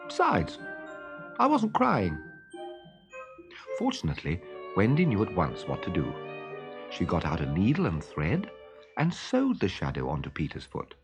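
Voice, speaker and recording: A man reading a children's story aloud with expressive, lively narration. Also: low-pitched, moderate pace, over music.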